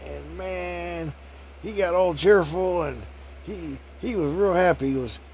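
A man's voice: high voice, unhurried, a little mellow, a little hiss or hum. A middle-aged man telling a rambling, folksy story in a casual way.

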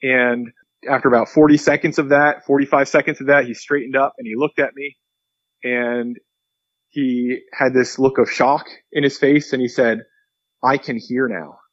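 A man's voice: mid-range voice, normal speed, no echo. Earnest man telling a story, muffled sound. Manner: earnest, animated storyteller acting out quotes. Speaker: pastor. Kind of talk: podcast interview storytelling.

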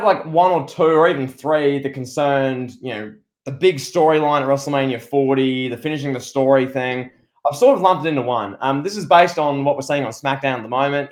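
A man co-hosting a casual wrestling podcast, talking in a rambling, excitable way with lots of restarts. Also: mid-range voice. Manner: rambling, excitable, full of restarts and playful impressions. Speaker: podcast co-host.

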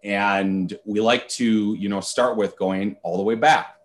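A man hosting a podcast interview, speaking in a halting way with lots of filler words. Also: on the low side, steady tone. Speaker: podcast host. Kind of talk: casual interview chat.

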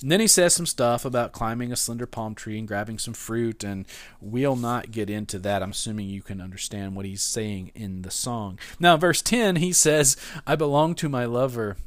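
A male pastor delivering a sermon in an easygoing, chatty manner, leaning on fillers as he talks it through. His voice swings lively up and down in pitch. The sound is close and dry, with no room around it. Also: normal speed, no room sound. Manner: conversational, animated, with frequent fillers.

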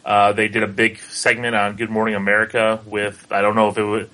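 A man with a somewhat low, bright and forceful voice chats casually as a podcast co-host. He rambles, with frequent uhs and restarts as he works his thoughts out. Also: monotone, fairly quick, poor audio. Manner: rambling, many fillers and restarts. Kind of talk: casual chat.

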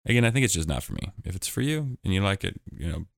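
A man's voice: deep voice, big pitch swings, fast talker, vocal fry, dry recording, studio quality. A man hosting a podcast, chatting casually in a rambling, jokey way with lots of fillers. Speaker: podcast host.

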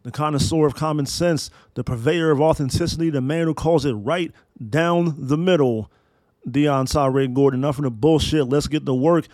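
A man's voice: fairly high pitch, moderate pace, a little mellow, no room sound. A man in his thirties hosting a solo podcast, talking in emphatic, profane, preacher-like build-ups. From Maryland, US. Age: 30s. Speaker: podcast host.

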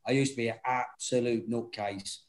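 A man's voice: mid-range voice, normal speed. A middle-aged man, telling rowdy anecdotes in casual chat, laughing often and swearing freely. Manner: laughing, swearing, animated storytelling.

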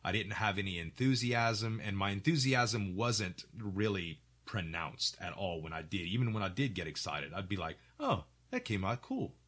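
A middle-aged man from Louisiana hosting a casual podcast chat, articulate and animated, acting out quoted lines. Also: deep voice, normal speed, few pauses. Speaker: podcast host.

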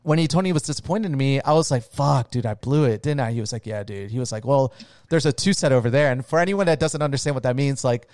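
A man's voice: mid-range voice, lively intonation, quick pace, a little mellow, dry recording. A man telling a long story in casual chat, rambling with lots of "like" and "dude" and casual swearing.

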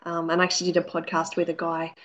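A woman's voice: lowish voice, completely flat delivery, fast, a bit bright, a little hiss or hum. A woman in her forties, an author telling stories as a guest in casual interview chat, peppering her talk with "you know" and acting out quotes. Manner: chatty storyteller, many "you know"s, acts out quotes. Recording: slightly dull lo-fi audio.

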